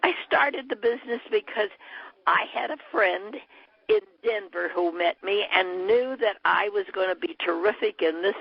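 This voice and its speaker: A woman's voice: mid-range voice, gravelly, husky, dry recording. An older woman, a bra business distributor, telling a long chatty story on a call, with many fillers. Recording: muffled telephone line.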